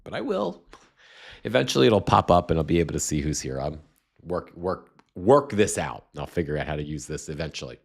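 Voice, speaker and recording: A man with a very low voice hosts a casual live political commentary stream. He is sarcastic and rambling, often restarting his sentences. He is getting over a cold and still has a slight cough. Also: sing-song, a little fast, gravelly. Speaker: livestream host.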